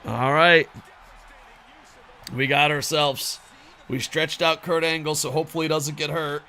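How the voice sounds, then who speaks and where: A man giving casual, excitable video game commentary, swearing constantly and talking to his viewers as "boys.". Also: on the high side, moderate pace, faint music behind. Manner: excitable, heavily profane, addresses viewers as boys. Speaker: gaming commentator.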